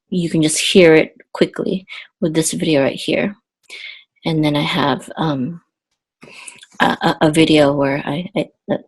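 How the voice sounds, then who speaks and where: Female Hebrew tutor, slightly sore throat, patient explainer who breaks into sung chant phrases. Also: fairly low pitch. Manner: explains slowly, then chants the trope melodies. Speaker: Hebrew teacher. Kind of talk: online Bible Hebrew lesson.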